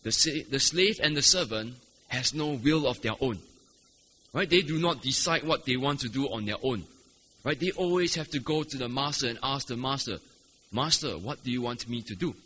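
A man's voice: mid-range voice, moderate pace, sharp tone, slight background noise. A man preaching an expository sermon, explaining patiently with rhetorical questions and frequent "right?" checks. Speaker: pastor. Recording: long hall reverb, faint ambience.

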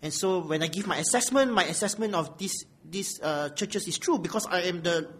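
Guy preaching a bible sermon, high husky voice, keeps going "right?" at the crowd. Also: moderate pace, a bit bright. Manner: questioning, often asks "right?"; emphatic, swells on key phrases. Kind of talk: expository sermon. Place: small room used as a church sanctuary.

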